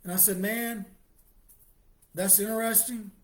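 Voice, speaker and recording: Man telling his story haltingly. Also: high voice. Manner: halting, with restarts and soft laughs. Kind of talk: personal testimony.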